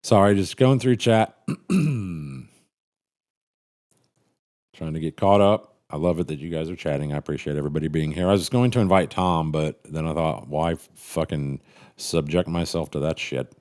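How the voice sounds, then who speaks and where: Very deep-voiced rambling, profane man. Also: lively intonation, moderate pace, long pauses, a little mellow. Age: middle-aged. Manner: rambling, profane, cynical, frequent restarts. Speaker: livestream host reading chat. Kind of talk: casual livestream chat.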